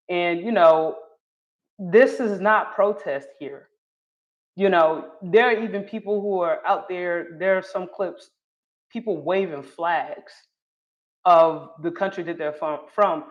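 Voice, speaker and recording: A woman with a North Carolina Southern accent talks through a casual live stream, chatty and quick to laugh at herself. She backs up and rephrases as she goes. The audio is a bit dull and lo-fi. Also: lowish voice. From Charlotte, North Carolina. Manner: chatty, laughing often, correcting herself mid-thought.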